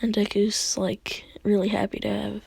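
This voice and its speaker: A woman casually telling a rambling fan story, dropping into whispers and quick voices for the characters. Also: mid-range voice, monotone, creaky, a little mellow, breathy edge, dry recording.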